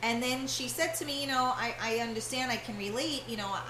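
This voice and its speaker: A woman's voice: a little high, a little fast, sharp tone, roomy sound, slight background noise, rough recording. A woman hosting a live internet radio talk show, talking casually with many fillers and restarts.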